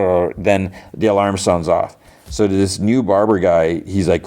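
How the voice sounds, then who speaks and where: A man's voice: low-pitched, fairly even intonation, normal speed, warm tone. A man hosting a podcast, recapping an episode in a rambling casual way, full of fillers and restarts, briefly acting out quoted lines. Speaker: podcast host.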